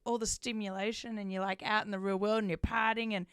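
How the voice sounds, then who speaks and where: A woman's voice: mid-range voice, level tone, quick pace, a bit bright, smooth, dry recording, clean studio sound. An Australian woman hosting a podcast, chatting casually and laughing often. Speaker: podcast host. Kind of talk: casual chat.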